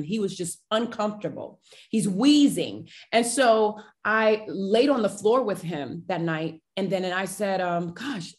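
A woman, a podcast guest, telling a personal family story with feeling and acting out the dialogue. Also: mid-range voice. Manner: emotional, animated retelling with quoted dialogue.

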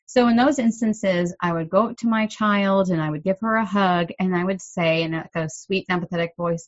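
A middle-aged woman hosting a parenting podcast, explaining in an earnest, gently emphatic way. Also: lowish voice, moderate pace, hardly any pauses, no room sound, highs cut off. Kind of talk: solo podcast talk.

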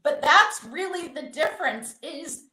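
Middle-aged woman guest, kinda high voice, talks candid and lively, lots of echo around her. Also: measured pace. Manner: lively, candid storyteller, acts out quotes. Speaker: guest, event company founder. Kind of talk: conversational interview.

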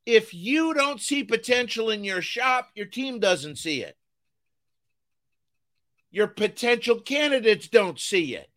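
A man hosting a business podcast, giving an energetic motivational talk and repeating phrases for emphasis. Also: sits high, takes it slowly. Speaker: business coach and podcast host.

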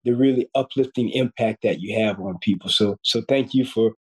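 A man's voice: fairly low pitch, normal speed, slightly rough, rough recording. A man in his fifties, a podcast guest, telling a personal story in an earnest way, often repeating words as he goes. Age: 50s. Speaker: guest surgeon.

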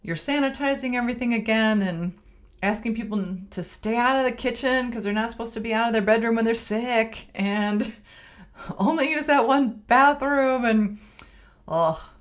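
A woman's voice: fairly high pitch, moderate pace. A middle-aged woman, hosting her own podcast as a family physician and talking in a chatty, homey way with many ums and restarts. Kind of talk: casual solo podcast talk.

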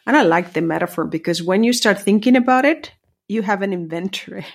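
A woman's voice: mid-range voice, fairly quick, gravelly. A woman leadership coach, a guest on an interview, explaining ideas thoughtfully with hesitations and self-corrections. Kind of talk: conversational interview.

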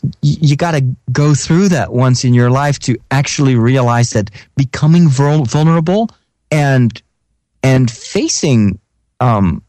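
A man's voice: medium pitch, a little mellow, dry recording. A man co-hosting a podcast, speaking reflectively and hesitantly, with stammers. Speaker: podcast co-host. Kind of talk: casual podcast chat.

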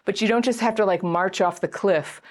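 A woman's voice: mid-range voice, moderate pace. A middle-aged woman hosting a self-help video, talking casually to camera, acting out quoted voices and laughing often. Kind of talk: casual advice talk to camera.

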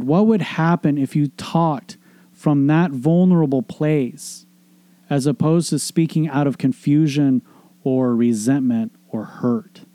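Earnest, emphatic man with a mellow voice. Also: fairly high pitch, measured pace, dry recording. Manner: earnest, emphatic, repetitive, swears casually. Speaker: podcast host, relationship coach. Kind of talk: casual motivational monologue.

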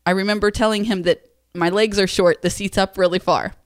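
Podcast co-host: a lively woman who tells stories with lots of laughs, recorded dry. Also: medium pitch, brisk, dry recording. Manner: animated, laughing, acts out quotes. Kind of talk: casual storytelling chat.

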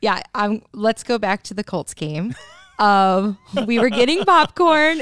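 A woman co-hosting a podcast, bubbly and quick to laugh in casual chat. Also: mid-range voice, lively intonation, a bit bright, clear, resonant tone, no echo. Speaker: podcast co-host.

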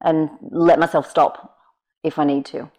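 A woman guest on a podcast chatting casually with a friend, relaxed, laughing and saying "yeah" often. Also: sits low, measured pace. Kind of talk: casual chat.

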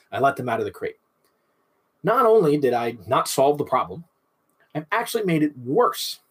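A man with a somewhat husky voice, hosting his own podcast. He explains dog training in a casual, instructional way and keeps asking rhetorical questions to lead the listener along. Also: on the high side.

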